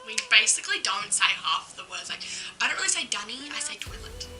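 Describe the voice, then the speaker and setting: A woman's voice: fairly high pitch, sing-song, a little fast, sharp tone, soft background music, poor audio. A young Australian woman with an Australian accent, talking straight to camera in a casual, indignant vlog full of "um" and "like". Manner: chatty, indignant, lots of "um" and "like". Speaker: vlogger.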